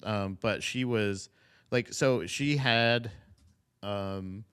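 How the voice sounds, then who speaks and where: A man's voice: fairly low pitch, extremely slow, clear, resonant tone. A man co-hosting a podcast, ranting casually with swearing and laughs. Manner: animated ranting, profane, laughs. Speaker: podcast co-host.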